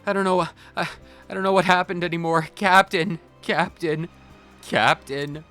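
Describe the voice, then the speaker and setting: A man voicing an excitable, loyal young male pirate sailor in a video game playthrough, with a put-on pirate accent. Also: high voice, a little slow, soft background music, voice pushed up. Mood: overjoyed.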